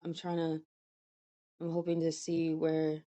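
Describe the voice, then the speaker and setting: A woman's voice: low voice, completely flat delivery, a little slow, dark tone, lo-fi sound. A woman who hosts a podcast, reading a storybook tale aloud and then chatting about it in a gushing, chatty way with frequent laughter. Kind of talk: storybook reading and casual chat.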